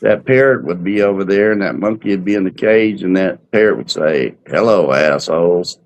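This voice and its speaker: A man, co-hosting a live cruise talk show, telling folksy stories in a relaxed, unhurried way. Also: fairly low pitch. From Texas. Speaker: podcast co-host. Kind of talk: casual chat, storytelling.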